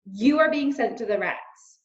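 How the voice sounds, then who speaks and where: A woman's voice: a little high, lively intonation, a little slow. A woman voicing a stern, pompous male mouse leader who hands down commands. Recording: roomy, slightly dull recording.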